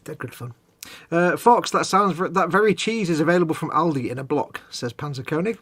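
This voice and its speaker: A British man with a husky voice and a snotty nose, co-hosting a live painting stream in a rambling, chatty way. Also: a little high, brisk, a bit bright. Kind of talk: casual chat while painting.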